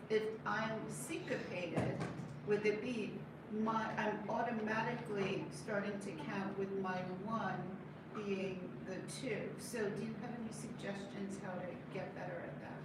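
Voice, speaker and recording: A woman student asking her teacher questions in a halting, searching way. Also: mid-range voice, steady tone, far from the mic. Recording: roomy sound from off-mic with loud noise.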